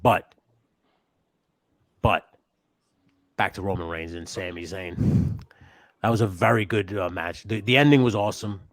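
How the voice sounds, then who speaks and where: Casual podcast co-host: young man, low voice, dry close mic, loose and profane. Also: unhurried, pauses often, no room sound. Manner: loose, profane, laughs and does mock wrestler voices. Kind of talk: casual wrestling chat.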